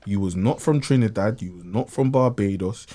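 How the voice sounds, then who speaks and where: Man, co-host, casual chat, slangy, repetitive, animated. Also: lowish voice, moderate pace.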